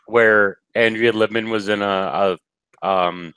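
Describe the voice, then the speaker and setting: A man's voice: on the low side, fairly even intonation, slow pace, sharp tone, clear, resonant tone, no echo. Bantering man, dry close sound. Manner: laughing, playful banter. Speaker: co-host. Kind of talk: casual chat.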